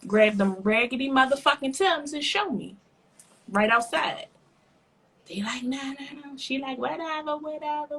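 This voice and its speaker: A woman co-hosting a podcast, telling a story in a casual, animated and profane way. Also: fairly high pitch, slightly rough. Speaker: podcast co-host.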